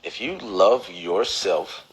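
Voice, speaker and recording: A man on a livestream giving blunt, profane advice, lecturing the viewer and mocking others in a whiny high voice. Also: takes it slowly, husky, low-quality recording. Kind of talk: instagram live rant. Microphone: phone.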